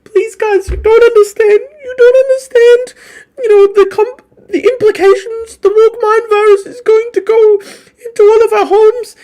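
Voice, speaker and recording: A shrill, sobbing panicky guy. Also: fairly even intonation, a little slow. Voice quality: high, crying falsetto. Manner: mocking, pleading.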